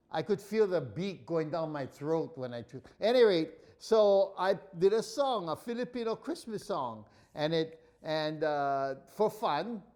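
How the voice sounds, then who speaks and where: A Hawaiian-accented man tells comic stories from his childhood. His voice sits high for a man, and his delivery is animated, with pidgin-flavored phrasing. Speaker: comedian. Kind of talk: comic storytelling.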